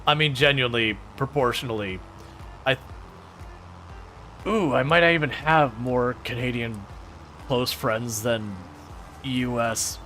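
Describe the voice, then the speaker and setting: Bright-voiced chatty man streaming games. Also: mid-range voice, fairly even intonation, unhurried, soft background music. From Michigan, United States. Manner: chatty, joking, laughs often, many restarts. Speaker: gaming streamer. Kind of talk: casual live-stream chat with viewers.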